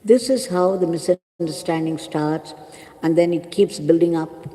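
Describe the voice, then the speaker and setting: A woman spiritual teacher telling a moral story in a calm, measured sermon. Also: on the low side, in a large hall, low-quality recording. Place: ashram hall.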